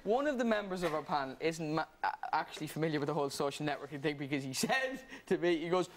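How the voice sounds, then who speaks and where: A man's voice: on the high side, expressive, fast talker, few pauses, noisy background. A Northern Irish man on a comedy panel, telling funny stories and mimicking people. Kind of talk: comic storytelling on a panel show.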